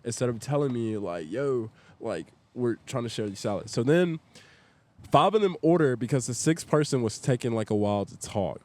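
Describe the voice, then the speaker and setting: A man's voice: mid-range voice, normal speed. A young man, a podcast guest, telling a story in casual talk and acting out what everyone said. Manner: animated, acts out the quoted lines in a rush.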